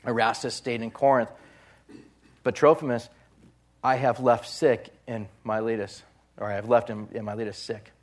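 A man preaching a sermon as pastor, swinging from loud emphasis to soft, quiet lines and repeating phrases. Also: mid-range voice, little pitch movement, moderate pace.

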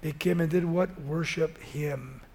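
A man preaching a sermon, retelling a Bible story in an animated, conversational way and speaking straight to his listeners. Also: fairly high pitch, a little slow, husky.

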